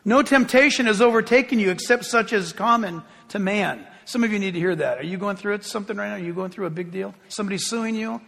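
A man with a high voice preaches as pastor to his congregation. He is emphatic, dropping to hushed asides and then swelling into loud, ringing appeals. His voice carries a long reverb from a large hall. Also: fast talker, gravelly, few pauses. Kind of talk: sermon.

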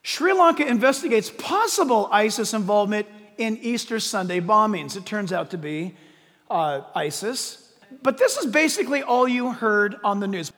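A man's voice: sits high, lively intonation, moderate pace, a bit bright, big-room sound. A man preaching a sermon, emphatic and repeating key words for stress. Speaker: pastor.

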